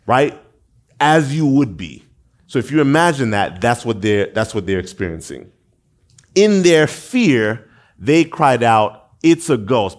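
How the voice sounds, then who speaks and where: A man preaching a sermon in a casual, conversational way, asking his listeners questions and going low and soft when he reads scripture. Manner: conversational, asks the audience questions. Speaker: pastor.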